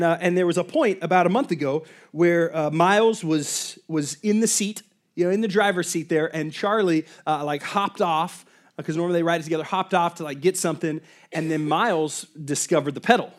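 A pastor in his thirties, his voice a little high, preaches a sermon by telling a personal story in a lively way, filled with frequent fillers and asides.

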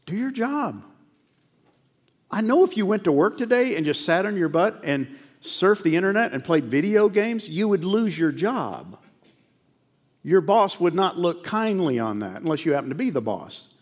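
A man's voice: high voice, sing-song, moderate pace, long reverb tail. A middle-aged man preaching a sermon in a church, earnest and conversational, full of rhetorical questions. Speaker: pastor. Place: church sanctuary.

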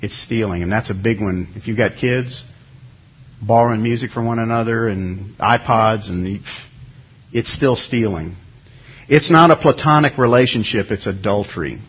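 A man's voice: on the low side, moderate pace, husky, lo-fi sound. A middle-aged man, a pastor, preaching a sermon in a conversational way and acting out everyday excuses as little quotes.

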